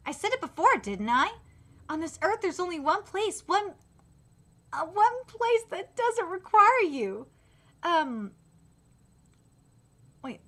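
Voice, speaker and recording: Brief: woman reading a breezy, self-assured young male detective from a manga, high and bright. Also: exaggerated voice. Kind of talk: reading manga dialogue aloud.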